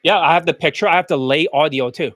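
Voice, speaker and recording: A man's voice: fairly high pitch, fast, a bit bright. A man who coaches dating, talking in a blunt, crude and scornful rant. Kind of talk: profane ranting monologue.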